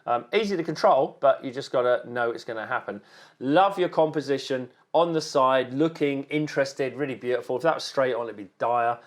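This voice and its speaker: A man's voice: mid-range voice, fairly quick. A man, a wildlife photographer giving chatty, encouraging critiques of viewers' photos with many ums and repeated words. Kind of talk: casual on-screen photo critique.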